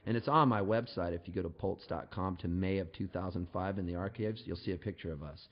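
A man telling a comic story on stage in an animated, jokey way, building up to his punchlines. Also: sits low, a little fast, lo-fi sound.

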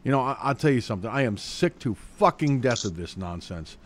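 A man's voice: mid-range voice, lively intonation, fairly quick, slight background noise. Male news commentator, reads straight then goes off on angry profane rants.

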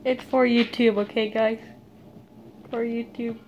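A woman's voice: on the high side, level tone, a little slow, vocal fry, a little mellow, dull audio, a little hiss or hum. A frightened woman commenting on a horror game as she plays, jittery and laughing nervously. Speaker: gamer.

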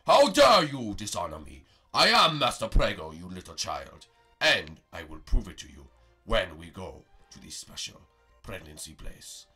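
A guy putting on a deep pompous old mystic master. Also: very animated, normal speed, sharp tone, breathy edge, faint music behind, exaggerated voice. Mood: solemn. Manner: grandiose, archaic speech. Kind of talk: plush or Minecraft role-play comedy.

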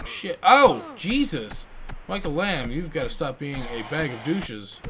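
A man hosting a video game let's-play, with excitable, crude joking commentary. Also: medium pitch, moderate pace, creaky, crowd noise. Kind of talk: gameplay commentary. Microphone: headphones on, home setup.

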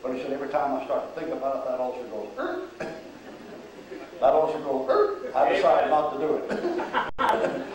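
A man's voice: fairly high pitch, mellow, far from the mic, slight background noise. An older man preaching a sermon, telling folksy stories and acting out the voices of the people in them. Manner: folksy storytelling, acts out quoted voices. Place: church. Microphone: far camera. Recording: roomy echo, recorded from afar.

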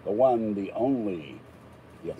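A man's voice: lowish voice, big pitch swings, slow pace, narrow, tinny audio, slight background noise. An older man from Pittsburgh, chatting casually and rambling between topics as he unboxes an item. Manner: chatty, digressive, self-deprecating asides. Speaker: unboxing vlogger.

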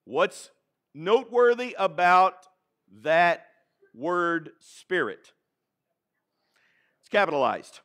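A man with a Texan accent preaching a sermon in church, dramatic and animated, calling on the congregation to answer back. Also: sits high, slow pace, long pauses. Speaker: pastor. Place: church sanctuary.

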